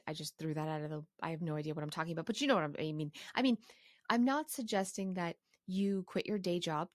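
A woman from Canada who runs a course for professional organizers, talking through her life rules in a passionate, animated way with quick asides. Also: lowish voice, no echo, studio quality. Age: adult with a young son. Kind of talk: casual advice monologue.

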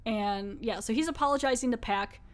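Her voice a little high and fairly quick, a woman hosts a podcast where she recaps and reviews a TV episode. The chat is casual and filler-heavy, and she performs the quotes she cites.

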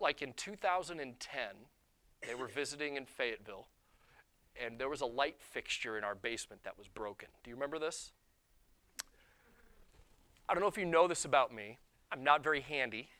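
A male pastor giving a sermon, animated and self-deprecating, telling personal stories and acting out quotes. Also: medium pitch, normal speed, pauses often.

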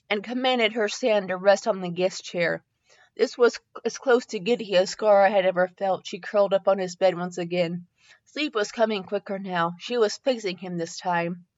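A woman's voice: mid-range voice, darkish tone, muffled recording. A woman host reading fan fiction aloud in a comedic dramatic style, tripping over typos and correcting herself with asides.

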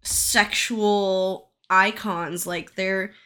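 A woman's voice: mid-range voice, steady tone, very slow, bright, forceful tone. A woman in a casual podcast chat, talking wryly with many fillers. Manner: chatty, many "like" fillers, wry.

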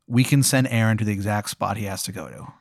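A man's voice: lowish voice, fast talker, no room sound. Casual improv Santa, man doing the voice, chummy talk, dry sound. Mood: reassuring. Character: friendly male Santa Claus, warm and reassuring. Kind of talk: improvised comedic role-play.

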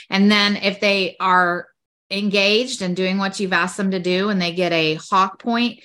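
A woman's voice: on the low side, sharp tone. A woman hosting a teaching podcast over a video call, explaining a classroom game step by step in a chatty way.

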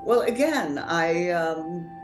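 A middle-aged woman from New Orleans with a Mid-Atlantic accent and proper, measured diction, answering interview questions with pauses and fillers. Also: fairly low pitch, expressive, echoey room, music in the background. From New Orleans, USA. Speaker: actor and author, podcast guest.

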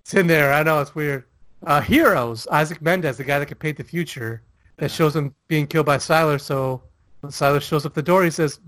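A man's voice: fairly high pitch, a bit bright, dry recording. A man co-hosting a casual chat, rambling with lots of fillers and laughing often. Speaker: podcast co-host.

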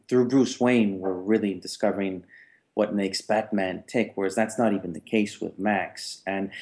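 A man's voice: lowish voice, a little mellow. A man co-hosting a podcast, talking through his view on a film character thoughtfully, with frequent hesitations. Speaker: podcast co-host. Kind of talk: casual film discussion.

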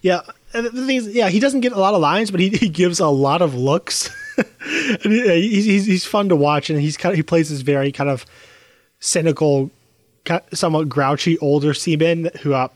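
A man's voice: on the high side, normal speed, no echo. A man co-hosting a casual film review podcast, speaking hesitantly with many fillers.

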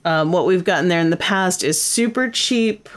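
Woman, low-pitched, chatty co-host, casual conversation. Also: normal speed. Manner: chatty, with frequent fillers and laughs. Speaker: podcast co-host. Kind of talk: casual chat.

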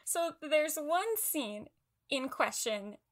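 A young woman co-hosting a podcast, chatting in an animated, lively way about films. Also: high voice, slow. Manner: animated, laughs often. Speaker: podcast co-host. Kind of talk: casual film chat.

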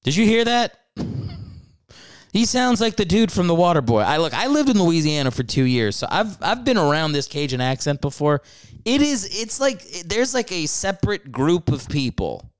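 A young man riffs through a comedic solo podcast in an irreverent, rambling way, swearing freely. His voice swings up and down a lot and stays smooth and clear. The mic is close and the sound is dry. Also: fairly high pitch, big pitch swings, normal speed, no room sound. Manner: irreverent, rambling, profane asides. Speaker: podcast host.

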